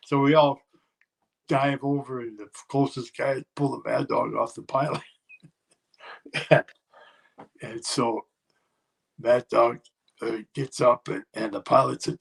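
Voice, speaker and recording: An older man, a former pro wrestler, telling a road story in a casual interview and acting out other people's yelling. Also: mid-range voice, fairly even intonation, slow, pauses often. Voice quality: gravelly, husky.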